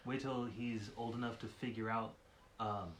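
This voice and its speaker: A man's voice: medium pitch, steady tone, moderate pace, fairly bright tone, slight background noise, low-quality recording. A man co-hosting a casual podcast chat, blunt and joking, swearing casually. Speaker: podcast co-host.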